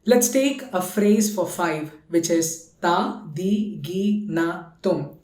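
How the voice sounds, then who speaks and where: A woman's voice: fairly low pitch, lively intonation, slow pace, darkish tone, roomy sound. A woman with an Indian English accent, patiently explaining and counting out a rhythm lesson and reciting konnakol syllables. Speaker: music teacher.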